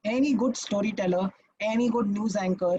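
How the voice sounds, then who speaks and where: Emphatic trainer on a call. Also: male voice, sits high, moderate pace, dark tone, dull audio, slight background noise. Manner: emphatic and instructive, checks in with "Okay?". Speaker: public speaking trainer. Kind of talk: live online masterclass. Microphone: video call.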